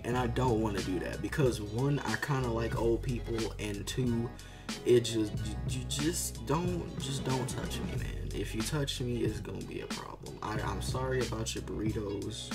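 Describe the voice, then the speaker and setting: A man's voice: lowish voice, moderate pace. A young man telling a casual storytime tale, rambling with lots of fillers. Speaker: vlogger. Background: background music.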